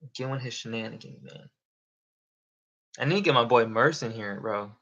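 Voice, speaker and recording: A man's voice: medium pitch, normal speed, a bit bright. Young guy rambling on his stream, swears a lot, laughs a lot, muffled lo-fi audio. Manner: rambling, profane, laughs often. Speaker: live streamer. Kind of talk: casual livestream chat.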